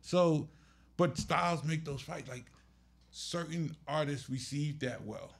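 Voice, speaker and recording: A man's voice: a little high, slow pace, vocal fry. A man, a music manager and podcast guest, telling blunt stories in casual chat. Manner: blunt, storytelling with laughs.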